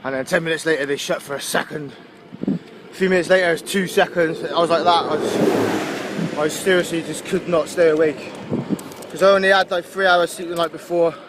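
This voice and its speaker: Englishman with Gloucestershire accent, rambling video diary, fairly high voice, filmed while cycling, loud outdoor road noise. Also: fairly even intonation, normal speed. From England. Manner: rambling, chatty, with frequent fillers and laughs. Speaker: touring cyclist vlogger.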